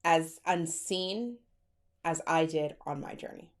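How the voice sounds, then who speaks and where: Excited chatty woman fertility coach. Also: low-pitched, slow pace. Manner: chatty, excited and personal, calls viewers girl and sis. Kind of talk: direct-to-camera coaching talk.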